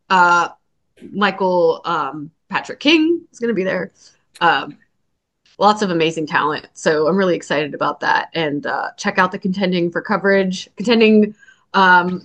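A woman's voice: mid-range voice, fairly bright tone. A woman hosts a podcast in a loose, chatty way, filling her talk with ums and easy laughter. She has a sore throat and is talking around a cough drop. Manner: chatty, laughs often, many fillers. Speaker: podcast co-host. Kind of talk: casual podcast chat.

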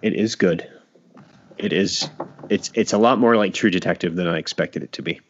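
A man's voice: low voice, moderate pace, dull audio, a little hiss or hum. A man hosting a podcast in casual chat, laughing often and trailing off into restarts. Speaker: podcast host.

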